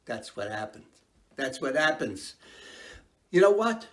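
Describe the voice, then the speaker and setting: A man's voice: fairly high pitch, big pitch swings, a little slow. An actor playing a man who fears he has lost his sense of humor, in a rueful, self-mocking stage monologue.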